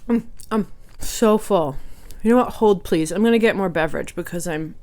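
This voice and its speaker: A woman's voice: medium pitch, normal speed, a little mellow. Chatty woman vlogger eating on camera. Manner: chatty, rambling, laughs while eating. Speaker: food vlogger. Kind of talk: casual eating storytime.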